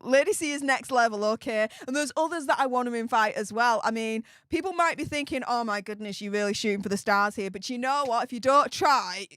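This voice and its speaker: A woman with a fairly high, fairly bright voice hosts a casual live stream, reading out chat messages and answering bluntly amid frequent laughs and fillers. The sound is clean studio quality with no room sound.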